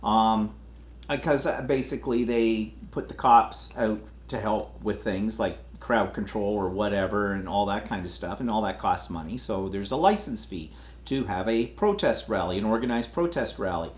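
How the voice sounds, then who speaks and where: A man's voice: fairly low pitch, moderate pace. A man hosting a livestream, talking through a rambling, indignant opinion piece with plenty of fillers. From Canada. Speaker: livestream host. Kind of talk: casual opinionated monologue. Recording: roomy echo.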